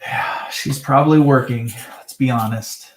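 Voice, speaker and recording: A man's voice: unhurried, reverberant. A man chatting loosely on a live stream, joking and jumping between topics. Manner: joking, jumps between topics, mimics voices in high falsetto. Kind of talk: rambling live stream chat.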